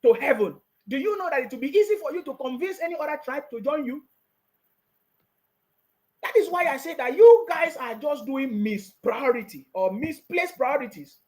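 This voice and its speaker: High-pitched mocking Nigerian man. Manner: scolding, mocking, laughs often. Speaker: political commentator. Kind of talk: YouTube commentary.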